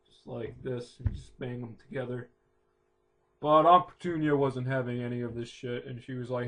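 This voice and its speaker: A man's voice: mid-range voice, level tone, normal speed. Rambling, crude male parody narrator. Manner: rambling, crude, many fillers. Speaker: comedic narrator. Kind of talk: improvised parody retelling.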